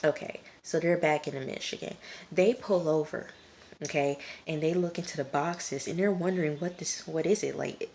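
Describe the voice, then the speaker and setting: With a low, darkish-toned voice at a moderate pace, a woman recaps a TV episode to camera from home late at night. She chats straight to her audience and scolds the characters throughout, and a little hiss or hum runs beneath her.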